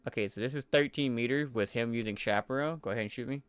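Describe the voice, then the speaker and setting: A man's voice: mid-range voice, quick pace, smooth, no echo. A man giving casual, enthusiastic commentary over gameplay footage in a loose, conversational way. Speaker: gaming channel creator.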